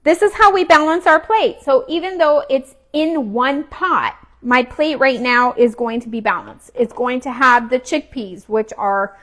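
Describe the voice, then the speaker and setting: A woman's voice: high voice, unhurried, few pauses. Chatty woman cooking at home. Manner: chatty, relaxed, talks while cooking and chewing. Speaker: cooking vlogger. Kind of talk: casual kitchen demo. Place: home kitchen.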